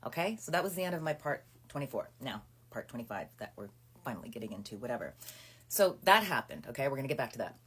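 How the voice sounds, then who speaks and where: A woman in her thirties speaks in a low, deep register as she tells a personal story straight to her phone camera. She sounds animated and indignant, piling on fillers and asides. The sound is close and intimate, recorded indoors in a small room. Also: quick pace, husky. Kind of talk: casual storytime recap to camera.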